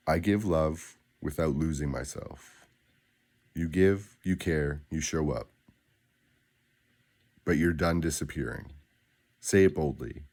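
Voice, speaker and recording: A man guiding listeners through spoken daily affirmations, with a slow, deliberate, grounded delivery and pauses between phrases. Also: very deep voice, darkish tone. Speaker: affirmation guide.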